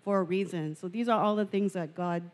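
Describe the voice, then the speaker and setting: A woman giving a personal testimony at a church service, earnest and halting, often repeating words. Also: mid-range voice, darkish tone.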